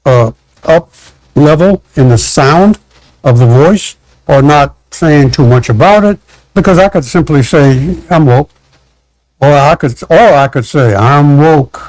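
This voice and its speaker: A man talking as a guest in casual chat, animated, acting out quotes and laughing, with many restarts. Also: fairly high pitch, a little slow, dry recording, poor audio.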